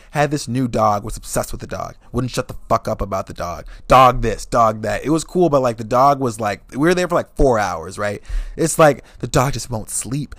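A young man telling dating stories in a profane, animated rant, swearing constantly and laughing as he goes. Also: medium pitch, no room sound. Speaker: vlogger. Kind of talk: profane comedic storytelling rant.

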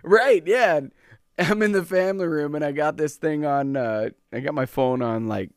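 A man with a Minnesotan accent telling a story in casual chat, acting out the people he quotes with sudden jumps in pitch and volume. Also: normal speed, clean tone, no room sound, studio quality. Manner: animated, acts out quoted voices with jumps in pitch and loudness.

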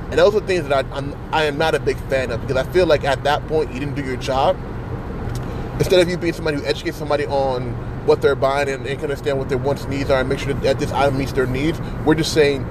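A man's voice: medium pitch, fast talker, noisy background. A man hosting a casual solo podcast from inside his car, rambling with many restarts as he vents his frustration. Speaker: podcast host.

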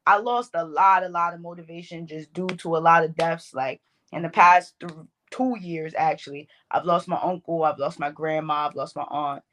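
Woman, Bronx accent, lowish voice, young adult, loose slangy storytelling, poet guest. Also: moderate pace. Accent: Bronx New York. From New York, the Bronx. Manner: loose, slangy, animated storytelling with many fillers. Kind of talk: casual interview talk.

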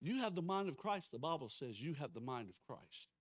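A male pastor preaching a sermon, emphatic and out of breath, moving between loud declarations and soft asides. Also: on the high side, very animated, fairly quick, dry recording, clean studio sound.

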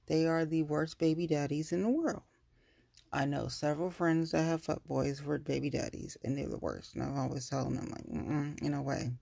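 A woman's voice: low voice, creaky, dry recording. A young woman talking casually and bluntly to her listeners, cursing freely and acting out her stories. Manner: blunt, profane, animated storytelling.

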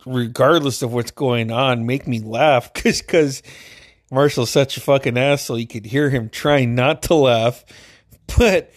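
A storyteller from Alaska with a mid-range voice speaks a little slowly, telling funny stories casually. He swears constantly and laughs often.

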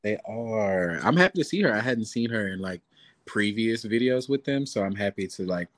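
A man's voice: fairly low pitch, animated, moderate pace, a bit bright, dry recording. A man co-hosting a podcast in casual chat, candid, swearing freely and laughing often. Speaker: podcast co-host.

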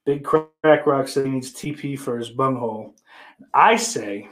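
Talking to his live chat, a male livestream host rambles, swears and jokes in a casual manner. He speaks in a mid-range voice that's a bit bright and a little slow.

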